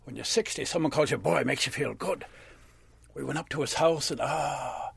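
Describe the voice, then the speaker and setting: A man performing a story, animated, with chanting and sound mimicry. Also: medium pitch, normal speed, vocal fry, husky, no room sound.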